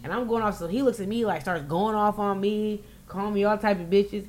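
A woman in casual conversation, telling a wild story in an animated, profane way. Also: mid-range voice, a little fast. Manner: animated, profane, acts out quotes loudly.

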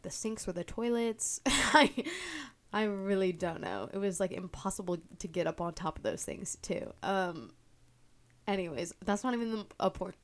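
Young woman, podcast host, casual rambling storyteller, mid-pitched voice, heavy fillers. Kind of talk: casual chat.

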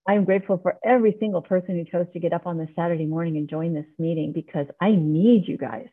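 A fast-talking middle-aged woman with a lowish, slightly breathy voice gives a sincere, heartfelt share at a recovery meeting. She joins by video call, and the audio comes through tinny.

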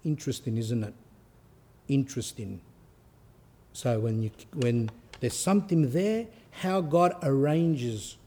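Man giving a relaxed, mellow spiritual talk. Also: mid-range voice, takes it slowly, few pauses. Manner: conversational, with anecdotes and frequent fillers; reads scripture passages aloud with rising emphasis. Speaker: Orthodox priest.

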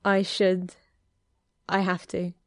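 A woman reading the lines of a shy, awkward young man in a story, hesitant and soft-spoken. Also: on the low side, monotone, slow pace, no room sound, clean studio sound. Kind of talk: audiobook character reading.

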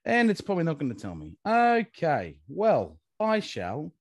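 An Australian man with a bouncy, wide-ranging voice, spinning yarns with plenty of swearing. The sound is close and dry, with no room around it. He talks like a relaxed podcast co-host. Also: fairly high pitch, a little slow, dry recording. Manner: heavy swearing, animated storytelling. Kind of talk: casual chat.

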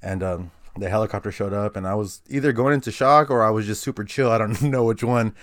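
A man's voice: lowish voice, quick pace, dry recording. A man in his thirties, a former army medic, telling grim stories in a laid-back, profane way and laughing now and then. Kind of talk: casual podcast storytelling.

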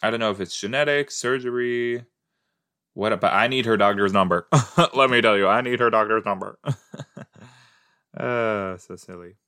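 A man's voice: on the low side, normal speed, bright, forceful tone, smooth. A man hosting a podcast and giving playful, rambling commentary as he rewatches a show. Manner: playful, rambling, self-mocking. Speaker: podcast host.

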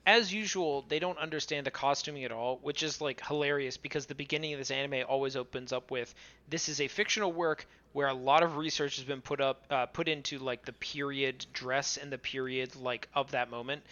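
A man's voice: mid-range voice, fairly even intonation, fairly quick, pushed and bright, lo-fi sound. Exasperated man ranting about an anime. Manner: exasperated, swears freely, laughs. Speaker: podcast co-host. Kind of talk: casual anime review chat.

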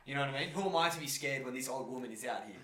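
A man's voice: medium pitch, racing, roomy sound, distant mic. A young man in casual podcast chat, telling stories with swearing and slang and acting out the voices of people he met. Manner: animated storytelling, swearing slang, acts out voices.

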